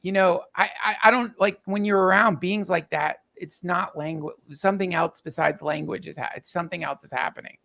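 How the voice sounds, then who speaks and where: Man, higher voice with gravel, tells a story haltingly with feeling. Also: bright, forceful tone. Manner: emotional, halting, many fillers and restarts. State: tearful. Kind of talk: casual storytelling.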